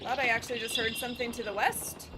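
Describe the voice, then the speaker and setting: A woman's voice: a little high, level tone, quick pace, noisy background. A woman streaming a shooter game, chatting casually, laughing often and swearing freely. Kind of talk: casual gameplay commentary. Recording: loud game sounds behind.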